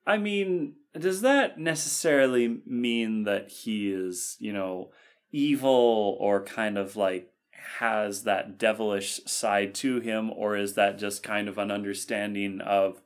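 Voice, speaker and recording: A man with a lowish voice talks slowly and deliberately in a relaxed podcast chat. He asks open questions and hedges with little fillers as he thinks. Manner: measured, questioning, hedging with fillers. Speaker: podcast co-host. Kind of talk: casual chat.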